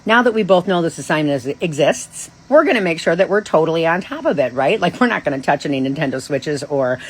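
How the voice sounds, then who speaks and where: A woman in her thirties hosting a casual storytelling monologue, animated, swearing freely and often correcting herself mid-sentence. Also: low-pitched, fast, slightly rough, poor audio. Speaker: podcast host.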